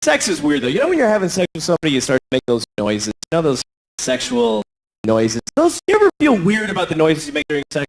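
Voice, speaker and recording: An American man performs a crude, self-deprecating stand-up routine, acting out voices with big pitch swings. His pitch swoops wildly and his pace is quick.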